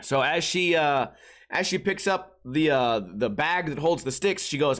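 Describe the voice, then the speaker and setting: Podcast guy with a kinda high voice, casual storytelling, animated and incredulous. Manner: animated, incredulous, quick restarts. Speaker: podcast host.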